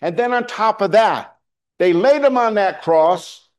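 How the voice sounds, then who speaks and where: A middle-aged man delivers a sermon in a fairly high voice. He talks to the congregation in a plain, conversational way, stumbling and restarting now and then, and pushes up to loud emphatic lines to drive his points home. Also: expressive, a little slow. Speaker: pastor.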